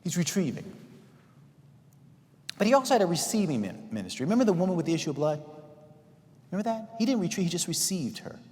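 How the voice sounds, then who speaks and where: A man giving a sermon-style talk that quizzes the audience and swings between loud calls and hushed lines. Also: high-pitched, big pitch swings, fast, pauses often, big-room sound. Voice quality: dynamic, shifting from loud to hushed. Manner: preachy, asks audience questions, acts out quotes. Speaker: speaker.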